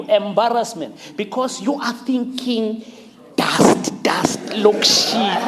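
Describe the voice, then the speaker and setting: A man hosting a conversational interview, telling lively stories and laughing often as he acts out quotes. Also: sits high. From South Africa. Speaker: interview host.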